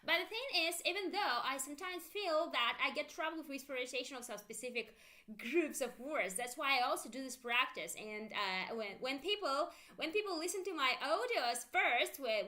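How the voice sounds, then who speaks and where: A woman with a Russian accent leads a live-streamed English lesson in a bright, forward voice pitched somewhat high. She says drill phrases slowly so learners can repeat them. Between drills she explains at length, often restarting her sentences. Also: expressive. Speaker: English teacher.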